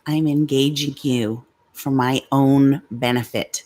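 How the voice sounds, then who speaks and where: A woman's voice: rumbling low, slow pace, a little mellow. A middle-aged woman hosting a casual livestream, blunt and confrontational with commenters, swearing freely. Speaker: livestream host.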